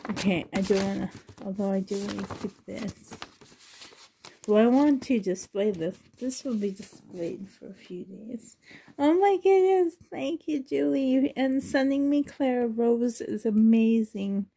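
A woman's voice: mid-range voice, a little slow, mellow, slight background noise. A woman doll collector in a casual unboxing vlog, gushing and emotional, often laughing and sighing, talking on the floor at home.

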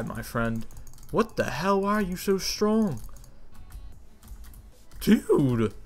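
An excitable young man narrating his own gameplay in a middle-pitched voice, chatting to the animals on screen and shouting when attacked. He trips over words now and then, and keyboard typing clicks along behind him. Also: takes it slowly, pauses often. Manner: excitable, talks to creatures, yelps at danger; stutters at times. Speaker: gamer. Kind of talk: game commentary.

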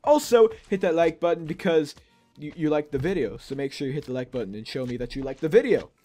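A young man giving gameplay commentary as a YouTuber, excitable and prone to panicked yelps and screams before dropping back to quiet muttering. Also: a little high, fast talker, faint music behind. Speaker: gaming YouTuber.

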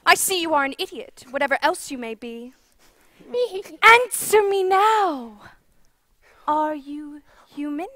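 A woman's voice: high voice, animated, takes it slowly, pauses often, a bit bright, no room sound, full character voice. A woman voicing a haughty, cruel queen who mocks and cackles. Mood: scornful. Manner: cackling, scornful, draws out words. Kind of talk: audio drama acting.

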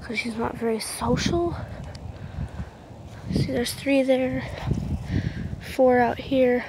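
A woman's voice: high-pitched, little pitch movement, slow. A young woman vlogging casually outdoors at a horse pasture, chatty and rambling, talking sweetly to her horses on a handheld camera. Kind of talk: casual vlog while doing chores. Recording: noisy outdoor recording.

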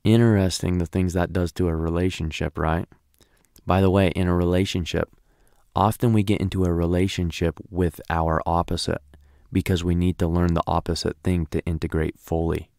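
Male trainer, low gravelly voice, casual lecturing with frequent "right?", dry close sound. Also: level tone, normal speed, darkish tone, no room sound. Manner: conversational, keeps checking in with "right?". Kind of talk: recorded lecture.

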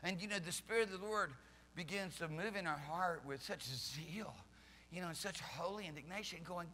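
A male pastor preaching a charismatic sermon at a church service, fervent, swinging from loud shouts to soft pleading. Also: high-pitched, normal speed, long reverb tail. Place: church sanctuary during a service.

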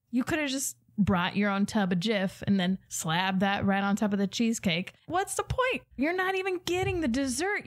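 A woman guest comedian delivering an exasperated, incredulous comic rant. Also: a little high.

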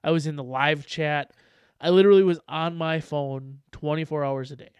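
A man's voice: a little high, steady tone, normal speed, smooth, no room sound. A man in his thirties chatting casually on a podcast, laughing often and swearing freely. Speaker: podcast guest. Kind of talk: casual chat.

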